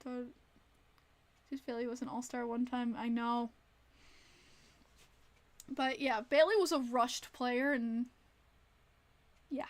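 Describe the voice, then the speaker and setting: A woman's voice: fairly high pitch, fairly even intonation, takes it slowly, long pauses. A young woman casually telling rambling stories on a livestream, giggling often between her words. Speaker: streamer.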